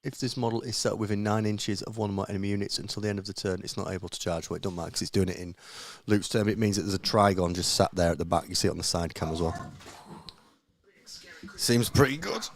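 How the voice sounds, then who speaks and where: A man's voice: fairly low pitch, fast, dry recording. A man commentating a live tabletop game stream, hesitating and reading rules aloud.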